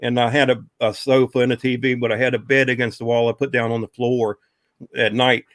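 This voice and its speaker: A man's voice: medium pitch, level tone, a little fast, no room sound, studio quality. A man telling a long personal ghost story in a casual, rambling way, with many fillers.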